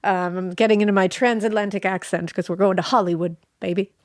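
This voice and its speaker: A woman's voice: medium pitch, steady tone, fast, no echo, clean studio sound. A woman co-hosting a podcast in casual chat, bubbly and playful, often laughing. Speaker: podcast co-host.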